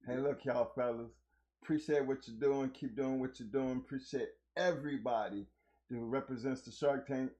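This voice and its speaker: A man's voice: mid-range voice, moderate pace. A man hosting a live-streamed talk show, chatting casually with his co-host and the viewers. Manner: animated, repeats "you know what I'm saying".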